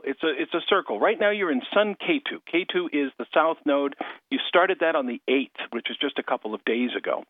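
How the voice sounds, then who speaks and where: A male astrologer and co-host who talks in a chatty, explanatory way. His voice sits a little high and swoops up and down with lively pitch. It comes through a tinny, phone-like line. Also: dry recording. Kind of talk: call-in radio chat.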